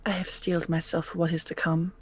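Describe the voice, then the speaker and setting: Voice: mid-range voice, level tone, fast talker, husky. A guest player speaking in character with formal, dry phrasing in a tabletop game. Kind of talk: in-character tabletop role-play.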